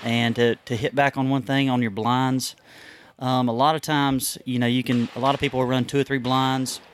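A man chatting in a relaxed way about his experience working his own dog. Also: mid-range voice, normal speed, a little hiss or hum. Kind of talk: casual chat.

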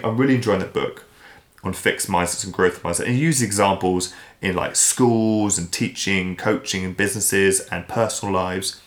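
Animated man in an echoey room. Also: low-pitched. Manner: animated, acts out quoted inner voices. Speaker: podcast guest. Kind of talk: casual interview chat. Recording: roomy echo.

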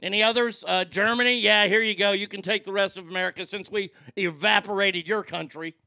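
Gravelly, high-voiced ranting male radio host. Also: fairly even intonation, fairly quick, no echo. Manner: profane, ranting, shouting in outbursts. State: feeling sick after being up all night. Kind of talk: angry talk radio rant. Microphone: broadcast board mic.

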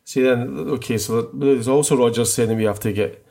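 Husky-voiced man talking football. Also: medium pitch, brisk, mellow. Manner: enthusiastic, rambling with restarts. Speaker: podcast co-host. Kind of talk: casual football chat.

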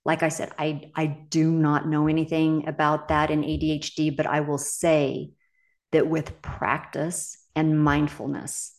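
A woman's voice: sits low, vocal fry, darkish tone. A middle-aged woman coach and podcast host, talking casually, candid and emphatic, swearing freely. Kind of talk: casual solo podcast talk.

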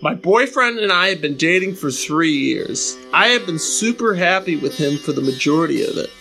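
High, bright sheepish comedian. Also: male voice, animated, vocal fry, faint music behind, rough recording. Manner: hesitant, sheepish, quick to laugh. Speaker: comedian co-host reading listener questions. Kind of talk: casual comedy podcast banter.

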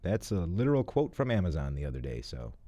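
Man, co-host, wry joker, lowish voice, lively pitch, dry close sound. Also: fast, no echo. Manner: wry, joking, sarcastic asides. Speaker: podcast co-host. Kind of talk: casual chat recommending films.

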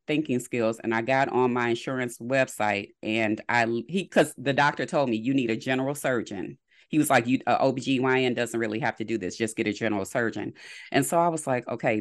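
A woman guest on a podcast, telling a personal story in a lively way and acting out the dialogue. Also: very deep voice, dry recording, studio quality. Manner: lively retelling with quoted dialogue.

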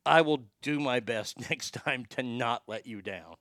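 A man's voice: medium pitch, unhurried, fairly bright tone, no room sound, clean studio sound. A middle-aged man hosting a show, telling a story in a casual, profane rant with a lot of stammered restarts. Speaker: show host. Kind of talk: casual ranting monologue.

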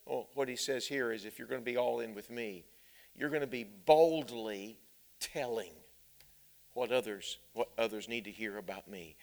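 A man in the pulpit delivering a sermon. His voice sits at a middling pitch for a man and keeps rising into loud, insistent stacks of parallel phrases before sinking back to a near-murmur. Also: moderate pace. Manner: swings between hushed low passages and loud emphatic climbs; builds with repeated parallel phrases. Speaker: preacher.

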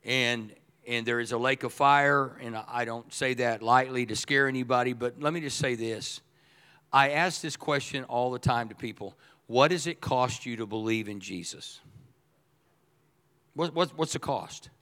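An older man preaching a sermon as pastor, swinging from quiet asides to loud excited bursts and often repeating words as he starts a thought. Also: mid-range voice, moderate pace, clean tone. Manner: animated, shifts from quiet to shouting.

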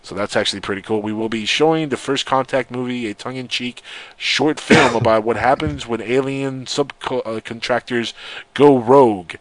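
A man's voice: mid-range voice, no room sound. A man hosting a radio talk show, reading a news story aloud and mocking it with sarcastic asides. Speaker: radio host. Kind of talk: casual joking radio chat.

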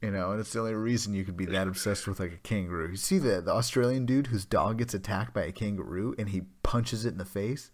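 A man's voice: fairly low pitch, quick pace, few pauses. A man co-hosting a podcast, laid-back and swearing in casual chat. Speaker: podcast co-host.

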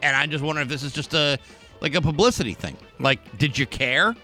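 Morning radio host, man, bright voice, sardonic and grumbling. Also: on the high side, animated, fairly quick, faint music behind. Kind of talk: casual on-air banter.

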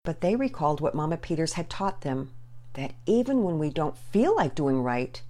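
A woman narrates a children's storybook with a low voice. Her reading is measured and expressive.

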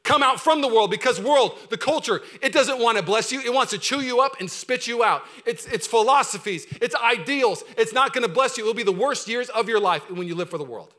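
A man preaches to his church with a high, rapid voice. His delivery is animated and bright, and he keeps pushing the congregation to answer back. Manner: animated, exhorting, calls for congregation responses. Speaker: pastor. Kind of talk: sermon. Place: church sanctuary.

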